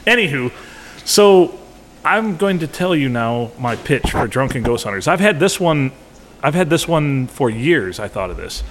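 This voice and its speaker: A man's voice: on the high side, very animated, a little slow, big-room sound, slight background noise. A man hosting a casual podcast, jokey and teasing with his guest. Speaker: podcast host.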